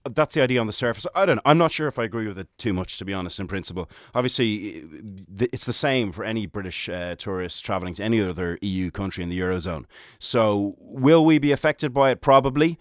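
A man's voice: fairly low pitch, expressive, quick pace, hardly any pauses, dry recording, studio quality. A man with a Dublin Irish accent, a travel journalist chatting as a guest in an enthusiastic, rambling way with frequent restarts. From Ireland, Dublin. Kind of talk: casual radio interview chat.

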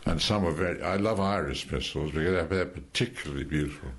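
An older actor being interviewed, telling stories in a relaxed, rambling way with many halting restarts. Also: male voice, rumbling low. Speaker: actor guest. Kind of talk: relaxed anecdotal chat.

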